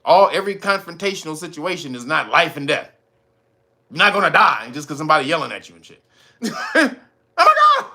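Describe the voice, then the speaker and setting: An LA-man rants in a casual commentary, his slangy talk full of laughter and acted-out bits. His voice sits fairly high and bright. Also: fast. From Los Angeles. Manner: animated, slangy, often laughing and acting out quotes. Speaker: commentary host.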